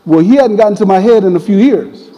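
A man preaching a sermon, telling a personal story in a conversational, animated way. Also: high voice, quick pace, big-room sound, muffled recording. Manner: conversational, animated retelling with quoted voices.

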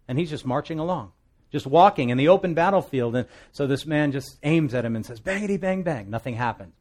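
A male pastor from the United States delivering a sermon in an ordinary mid-range voice. He tells a joke with playful, swooping delivery and reads scripture with firm, deliberate emphasis. His talk rises and falls as he drives his points home. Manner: lively storytelling preacher, acts out a joke with big pitch swings.

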